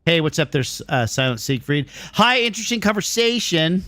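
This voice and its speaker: A man's voice: a little high, sing-song, a little fast, bright, forceful tone, dry recording, clean studio sound. A middle-aged man streaming a game and answering his chat, ranting bluntly and swearing freely. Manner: blunt, profane, riled-up ranting.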